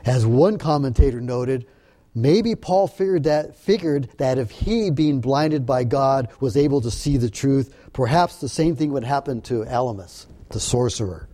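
A man delivering a Bible-study sermon, explaining the text in an earnest, searching way. His voice is mellow and warm, at an ordinary middle pitch. He often stumbles and repeats words before pressing on. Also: animated. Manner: earnest, halting with repeated restarts. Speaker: preacher. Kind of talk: sermon-style Bible teaching.

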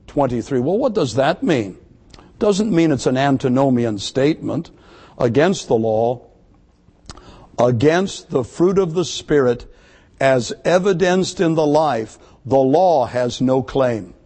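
A man preaching a sermon to his congregation, emphatic, repeating key words and slowing down to stress them. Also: mid-range voice, expressive, darkish tone, husky. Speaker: pastor.

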